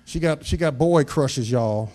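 A man's voice: mid-range voice, measured pace, a little mellow. A middle-aged man preaching a sermon, telling homey family stories with humor and building to emphatic, raised points. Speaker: pastor.

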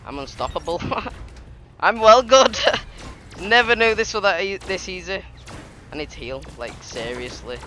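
A man giving excitable, trash-talking commentary over his gameplay, laughing often. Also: high voice, slow pace, pauses often, a little hiss or hum. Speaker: gaming YouTuber.

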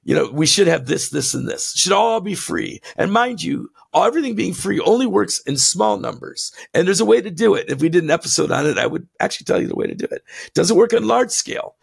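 A man co-hosting a podcast who rants in a heated, blunt way, laughing between his jabs, with a gravelly voice. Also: high-pitched, expressive, a little fast. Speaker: podcast co-host. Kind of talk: impassioned ranting podcast talk.

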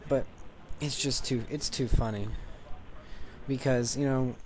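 A man telling a story in a casual, excited, rambling way over gameplay, restarting his sentences often. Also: mid-range voice, unhurried, a little hiss or hum. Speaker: gaming channel commentator.

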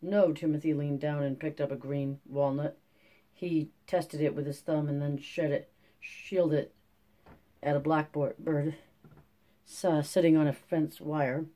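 An audiobook narrator reading a classic novel aloud at a steady pace, with occasional slips and restarts. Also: mid-range voice, a little slow.

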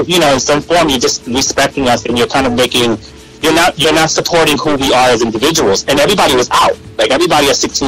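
A man guest telling animated stories in a casual interview, acting out what people said. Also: medium pitch, rough recording. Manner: animated, acts out quoted voices, frequent restarts. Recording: radio interview with loud music and crowd behind.

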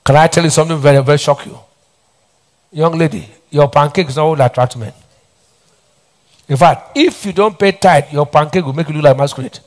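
Preaching in a church hall, the middle-aged Nigerian pastor has a voice on the high side and a brisk delivery broken by long pauses. He repeats himself and turns questions back on the congregation, inviting their response.

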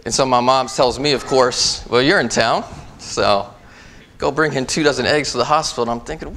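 A man's voice: medium pitch, moderate pace, a bit bright, a little hiss or hum. A man preaching in a church, telling a family story and then reading scripture aloud with rising emphasis. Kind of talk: sermon.

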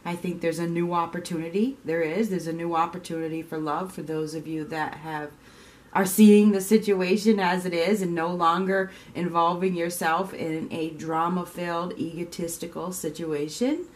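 A woman's voice: lowish voice, fairly even intonation, moderate pace. A woman giving a casual tarot reading, chatty and repetitive, sometimes acting out the reactions she describes. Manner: chatty, repeats herself, acts out quoted reactions. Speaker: tarot reader.

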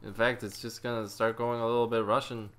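A man hosting a let's play, giving casual, excitable and self-mocking commentary, often talking to the enemy on screen. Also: mid-range voice, fairly quick.

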